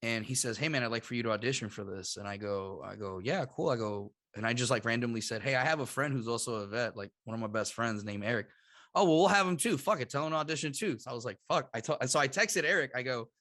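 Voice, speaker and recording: A man's voice: mid-range voice, quick pace, no room sound, clean studio sound. A man from Puerto Rico, a podcast guest, telling stories in casual chat, swearing often and acting out the quotes. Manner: animated, swearing, laughing often, acts out quotes. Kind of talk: casual storytelling.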